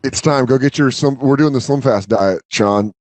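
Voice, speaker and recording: A man co-hosting a comedy podcast in loose, joking banter. He laughs a lot as he talks, at an ordinary middle pitch. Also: normal speed, darkish tone, no room sound. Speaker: podcast co-host.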